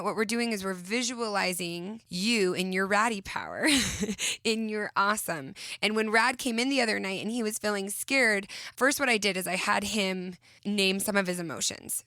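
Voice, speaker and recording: A woman in her thirties hosting a self-help podcast, talking gently and encouragingly as she guides listeners through a visualization. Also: medium pitch, no room sound, studio quality. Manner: gentle, encouraging, slowing into soft whispered visualizations. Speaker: podcast host.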